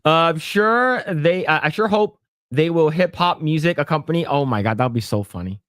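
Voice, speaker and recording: A man's voice: a little high, expressive, normal speed, fairly bright tone, clean tone, dry recording, clean studio sound. A man co-hosting a casual podcast, reading comments aloud, joking and stumbling over restarts. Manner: jokey, lots of stammered restarts, breaks into mock voices. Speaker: podcast co-host.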